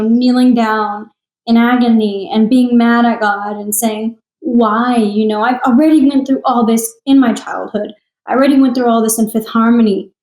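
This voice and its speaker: A woman's voice: a little high, darkish tone, roomy sound, low-quality recording. A young woman from Texas, a singer and author, telling her story in a candid podcast interview with emotional earnestness.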